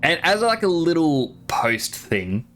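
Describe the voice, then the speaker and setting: A man's voice: a little high, sing-song, takes it slowly, fairly bright tone, soft background music. A man streaming live, chatting casually and rambling with laughs, his throat dry from talking for a long time.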